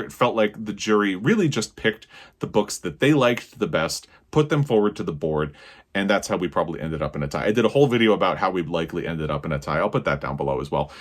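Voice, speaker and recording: A man vlogging a casual book review to camera, excitable and gushing, tripping over his words when thrilled. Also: deep voice, quick pace.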